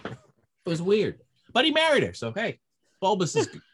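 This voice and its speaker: A man with a mid-pitched voice tells stories from his stand-up career at an easy conversational pace. He acts out the people he quotes and swings his pitch up and down. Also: a little fast, slight background noise. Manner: animated storyteller acting out quoted voices. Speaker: stand-up comedian guest. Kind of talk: casual storytelling chat.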